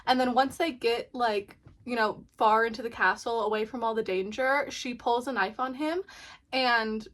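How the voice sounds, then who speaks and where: A woman's voice: on the high side, moderate pace, a bit bright. A woman in her twenties, chatting casually as a book vlogger and recapping a novel, with lots of "like" fillers. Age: 20s. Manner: chatty, peppered with "like".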